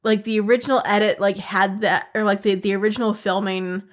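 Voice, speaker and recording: A woman co-hosting a casual podcast chat in a measured, thoughtful way. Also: medium pitch, level tone. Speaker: podcast co-host.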